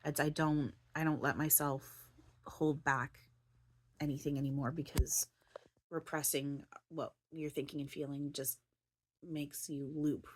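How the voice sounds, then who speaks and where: Low-voiced woman rambling about her feelings. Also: fairly even intonation, unhurried, background noise. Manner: rambling, full of "like" and "you know", restarts often. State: near tears, voice breaking. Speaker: spiritual channeler and vlogger. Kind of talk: rambling personal monologue.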